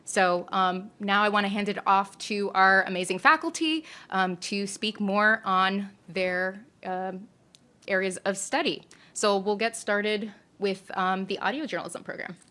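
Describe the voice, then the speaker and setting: A woman with a bright, forward voice presents a graduate program at an open house. She reads from prepared remarks, peppering them with "um" and sounding upbeat and promotional. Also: medium pitch, unhurried. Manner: many "um" fillers, upbeat promotional tone. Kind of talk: scripted presentation with fillers.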